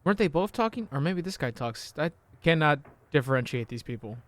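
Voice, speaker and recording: A man with a fairly high voice riffs through a casual reaction commentary on an old film. He is sarcastic and swears freely, cracking jokes as he watches. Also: lively intonation, brisk, slight background noise. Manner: sarcastic, profane and joking.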